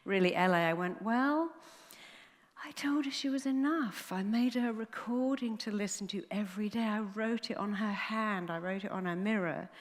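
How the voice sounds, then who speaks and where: A middle-aged woman, a therapist telling a story on stage with animated delivery and acted-out quotes. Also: medium pitch, normal speed, hardly any pauses. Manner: animated, acts out quoted voices. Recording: long hall reverb.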